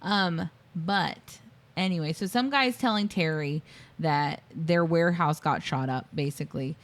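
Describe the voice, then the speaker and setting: A woman's voice: low voice, a little slow. A woman co-hosting a podcast, chatting casually about a movie and acting out quotes from it with lots of fillers. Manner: animated storyteller, acts out quotes. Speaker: podcast co-host. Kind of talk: casual movie review chat.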